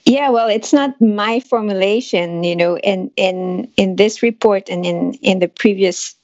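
A woman with a French accent, a guest analyst answering interview questions thoughtfully with many pauses and fillers. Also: medium pitch, darkish tone, dry recording, dull audio. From France. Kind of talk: podcast interview.

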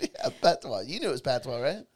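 A man's voice: mid-range voice, sing-song, fairly quick, a little mellow. A man comedian on a podcast, chatting casually and dropping dry, matter-of-fact asides.

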